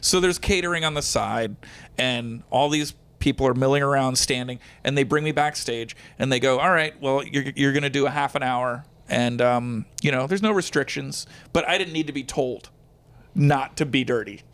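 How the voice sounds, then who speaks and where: A man, a comedian and guest, telling a story in casual conversation, animated and quick to laugh, acting out bits of dialogue. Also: mid-range voice, clean tone. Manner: animated, breaks into laughter, acts out lines of dialogue.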